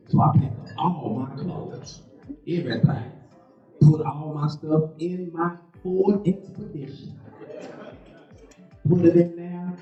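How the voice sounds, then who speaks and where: A man telling a stand-up story in animated, loose vernacular, laughing through his lines. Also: fairly high pitch, takes it slowly, long pauses. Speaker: stand-up comedian. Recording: roomy, distant, muffled live stage audio with music.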